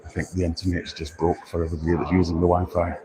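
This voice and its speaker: Walking through a crowded indoor trade show on a livestream, a man talks in a low, monotone voice and at a fast clip. He's chatty, pokes fun at himself and thinks out loud, while hall noise and crowd chatter fill the background.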